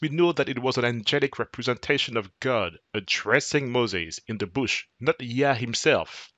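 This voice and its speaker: A man giving scripted narration for a teaching video, measured and explanatory, with his voice slowing on key words. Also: mid-range voice, bright, forceful tone, no echo. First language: not Twi.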